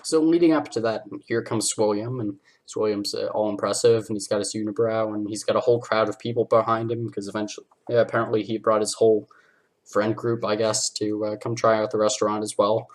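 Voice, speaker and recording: A man's voice: fairly low pitch, fairly even intonation, a little fast. A man hosting a podcast, casually recapping a cartoon episode with lots of fillers, now and then jumping into character voices. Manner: rambling, filler-heavy, acts out character lines. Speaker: podcast host.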